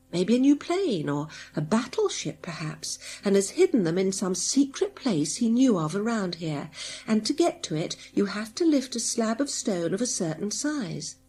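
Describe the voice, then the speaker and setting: A woman's voice: mid-range voice, warm tone, slight background noise, close to an everyday voice. A woman reading an audiobook, voicing an eager boy who thinks things through aloud. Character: boy on an adventure, eager and thoughtful.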